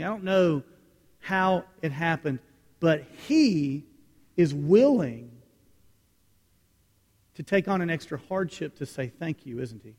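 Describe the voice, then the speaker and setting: Guy pastor preaching, kinda high voice, goes loud then real quiet telling stories, big echoey church sound. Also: animated, takes it slowly, long pauses. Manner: storytelling, swings from loud to hushed. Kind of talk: sermon.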